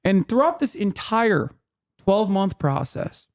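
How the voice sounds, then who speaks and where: Male streamer host, casual commentary, emphatic, swears a lot, slightly higher pitch. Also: big pitch swings, unhurried. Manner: heated, swearing, emphatic rants.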